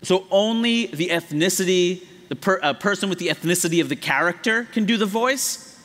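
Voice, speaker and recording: A man in his late thirties from the United States giving an animated, profane, emphatic comedic talk on stage. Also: high-pitched, moderate pace. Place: large hall on stage. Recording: echoey hall.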